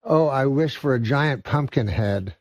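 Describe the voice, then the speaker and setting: A man's voice: medium pitch, unhurried, dry recording, voice pushed up, lightly acted. A man voicing a boastful bar patron bragging in a folksy drawl. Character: boastful male bar patron with genie wishes.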